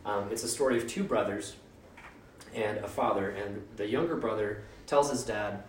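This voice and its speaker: A man preaching in an easygoing, joking way, slipping into mock voices. His voice sits low. It rings with room echo and sounds set back from the microphone. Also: moderate pace, slight background noise. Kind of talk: casual conversational sermon. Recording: roomy echo, mic at a distance.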